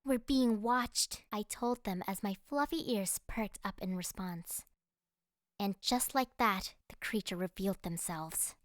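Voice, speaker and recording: A woman narrating a first-person fantasy audiobook in an expressive, dramatic way. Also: mid-range voice, unhurried, no room sound, clean studio sound.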